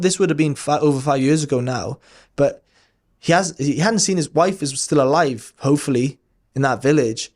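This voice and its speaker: A man in his thirties talks as a podcast guest. He tells a story casually and candidly. His speech rambles, with plenty of fillers and offhand swearing, and his voice sits at an ordinary middle pitch for a man. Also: darkish tone. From Wales.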